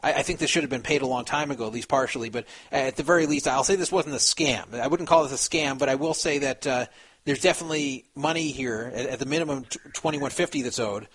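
A man hosting a talk discussion, weighing his words slowly with frequent pauses and fillers. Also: medium pitch, a bit bright, breathy edge. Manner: measured, hesitant, many fillers.

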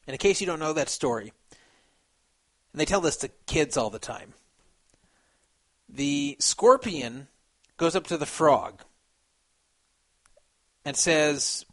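A man giving casual commentary on social media posts, animated and laughing at his own remarks. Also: takes it slowly, long pauses. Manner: animated, acts out quoted voices with sudden pitch jumps. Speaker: poker commentator.

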